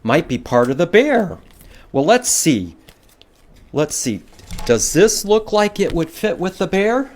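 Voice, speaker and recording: A man reading a picture book to small children, and his voice swings far up and down as he acts out each line. He takes an unhurried pace and stretches out the big moments. He often stops to ask his young listeners questions. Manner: animated, expressive read-aloud with big pitch swings and slow dramatic lines. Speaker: children's librarian. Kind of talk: children's storytime read-aloud.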